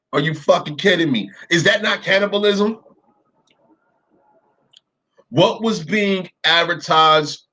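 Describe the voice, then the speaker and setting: Animated reaction commentator, a man with a high, bright voice who swears freely and keeps firing rhetorical questions.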